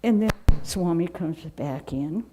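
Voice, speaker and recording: A woman from Seattle who is a nun, telling lively anecdotes in an interview and acting out quotes. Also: fairly low pitch, measured pace, a little hiss or hum, poor audio. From Seattle, United States. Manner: animated, with laughter and acted-out quotes. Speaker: Vedanta nun.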